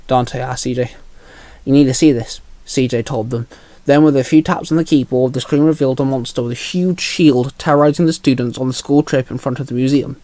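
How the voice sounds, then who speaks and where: A man's voice: mid-range voice, darkish tone, no echo. A man narrating his own fanfiction in plain storytelling, with small slips. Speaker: narrator and author. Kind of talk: fanfiction read aloud.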